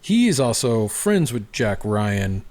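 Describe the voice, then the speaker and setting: A man's voice: on the low side, very animated, takes it slowly, darkish tone. A man chatting casually, rambling through his theories with lots of fillers. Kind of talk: casual chat.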